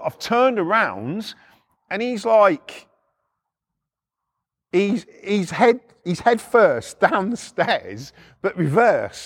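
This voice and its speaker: A middle-aged former repossession agent tells casual stories bluntly and with plenty of swearing, retelling events in an animated way. His voice is high-pitched, slow, and slightly rough.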